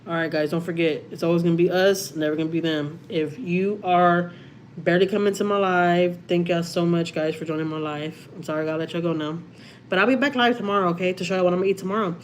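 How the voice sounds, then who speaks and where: A chatty woman with a Texan accent talks to her viewers on a home livestream and answers their comments. Her voice sits a little low for a woman. A faint hiss runs under the recording. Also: steady tone, fast. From Houston, Texas. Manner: chatty, reads out viewer comments, says y'all often. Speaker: livestream host. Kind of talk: casual live-stream chat.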